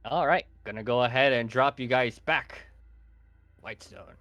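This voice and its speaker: A man narrating as dungeon master of a tabletop game, relaxed and loose, with lots of fillers. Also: medium pitch, normal speed, no room sound, dull audio.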